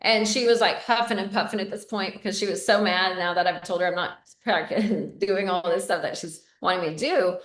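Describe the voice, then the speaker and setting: A woman tells a personal story to her viewers in a casual, candid way, with plenty of ums and uhs. Her voice sits at a middle pitch. It echoes a bit in a roomy space. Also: fairly quick, hardly any pauses, a bit bright. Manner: candid, talks to viewers directly, many fillers. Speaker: vlogger. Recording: roomy echo.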